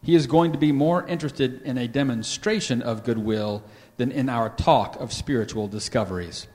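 A man at a meeting, reading a passage aloud in a steady, careful way. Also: mid-range voice, moderate pace, big-room sound. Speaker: meeting participant.

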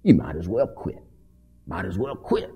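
A man voicing the sneering inner voice of addiction, muttering low and scornful. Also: big pitch swings, a little slow, dark tone, breathy edge, faint music behind, exaggerated voice.

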